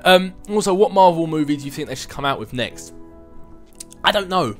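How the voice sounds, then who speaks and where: Talking a little fast in a slightly high, animated voice, a twentysomething vlogger rambles through viewer questions. He chats casually and keeps making jokes at his own expense, while faint music plays behind him.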